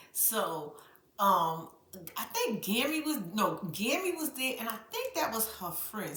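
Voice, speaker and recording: Woman, reality-TV recap vlogger: animated, profane, dramatic commentary with a bright tone, recorded in an echoey room. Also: medium pitch. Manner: animated, profane, dramatic storyteller who laughs often and addresses viewers as "y'all". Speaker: reality show recap host.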